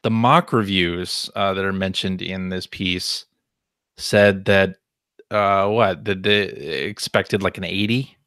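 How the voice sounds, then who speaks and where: A man's voice: sits low, fairly even intonation, takes it slowly, fairly bright tone, no room sound, studio quality. A man co-hosting a podcast in casual chat, asking questions with a light chuckle now and then. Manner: inquisitive, chuckling, short backchannels. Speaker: podcast co-host.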